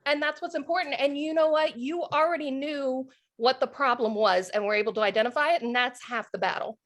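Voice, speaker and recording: High-voiced, upbeat woman teaching a class. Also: brisk, fairly bright tone. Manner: upbeat, encouraging, laughs often. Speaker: cookie decorating instructor. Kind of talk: live online class teaching.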